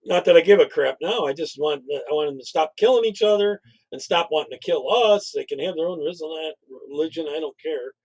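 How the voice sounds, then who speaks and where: A man's voice: fairly high pitch, fairly quick, a little mellow, rough recording. A man co-hosting a casual political commentary stream, talking in a blunt, opinionated, conversational way.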